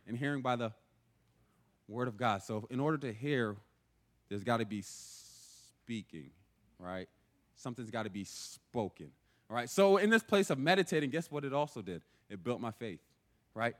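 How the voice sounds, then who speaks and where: A young man preaching a sermon in a casual, animated way, often checking in with "right?". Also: mid-range voice.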